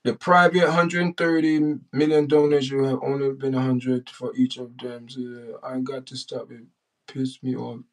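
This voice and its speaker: A middle-aged man with a Jamaican accent holds forth on his own live stream in a loose, rambling monologue. He restarts his sentences often, and now and then he surges up in pitch and speed. His voice sits at an ordinary middle pitch for a man. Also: little pitch movement, normal speed, rough recording. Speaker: livestream host.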